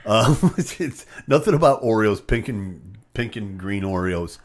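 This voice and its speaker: A man's voice: fairly low pitch, animated, measured pace. A man hosting a live stream and chatting casually, joking and laughing often. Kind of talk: casual chat.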